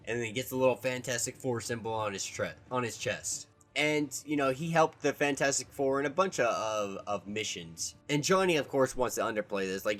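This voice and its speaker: A man of middle pitch giving a casual comic book recap. He rambles loosely, circling back on his words with plenty of restarts and fillers. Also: moderate pace, few pauses, fairly bright tone.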